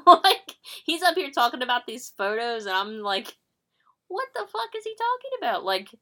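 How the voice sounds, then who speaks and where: A woman's voice: medium pitch, bright, forceful tone. A woman co-hosting a podcast, chatting casually and bluntly about wrestling, laughing often and swearing freely. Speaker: podcast co-host. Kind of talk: casual chat recapping wrestling.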